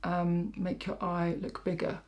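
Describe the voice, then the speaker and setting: A woman's voice: on the low side, monotone, a little slow, highs cut off. Chatty woman doing makeup. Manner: rambling, self-mocking, talks while working. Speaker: makeup artist.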